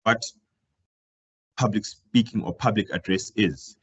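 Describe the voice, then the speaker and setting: A man leads a public-speaking workshop in a slightly low, husky voice. He projects loudly and swings his pitch and volume up and down as he demonstrates. The recording is dull and lo-fi. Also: unhurried. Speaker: career talk presenter. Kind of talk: live workshop presentation.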